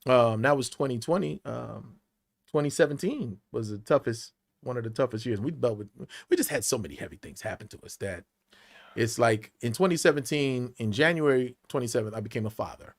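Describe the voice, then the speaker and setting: A man's voice: mid-range voice, brisk, vocal fry. A man in his forties, an actor, telling a personal story in a podcast interview, acting out the voices of the people in it. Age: 40s. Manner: animated storyteller, acts out voices. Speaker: actor guest. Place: podcast studio.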